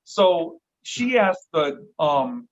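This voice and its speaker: Middle-aged man, slightly high voice, lively casual storyteller, lo-fi sound. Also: drawn-out words. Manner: lively, swearing, acts out the voices he quotes. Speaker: podcast guest. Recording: dull lo-fi recording.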